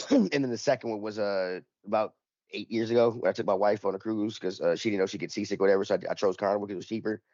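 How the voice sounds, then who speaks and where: Fast-talking man telling a rambling story. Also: lowish voice, darkish tone, no echo, lo-fi sound. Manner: rambling, profane, acts out quoted dialogue. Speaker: podcast panelist. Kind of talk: casual chat, anecdote.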